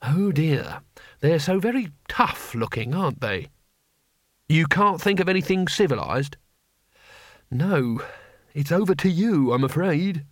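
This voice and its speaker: A man voicing a calm, polite male former schoolteacher with a mild genteel manner. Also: a little high, a little slow, pauses often, no room sound, studio quality.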